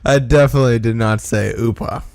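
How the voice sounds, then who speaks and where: A man co-hosting a casual snack review, blunt and excitable, swearing freely as he gives opinions. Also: medium pitch, fairly quick, creaky, clean tone, dry recording.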